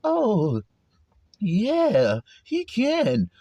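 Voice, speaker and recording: A man's voice: high-pitched, huge pitch swings, takes it slowly, mellow, dry recording. A man preaching a casual, blunt sermon full of profanity, teasing, and rhetorical questions.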